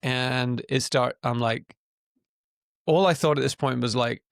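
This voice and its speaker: A man's voice: mid-range voice, unhurried, gravelly, no room sound, clean studio sound. A middle-aged man and podcast co-host, candidly retelling a business story with quoted dialogue in a casual chat.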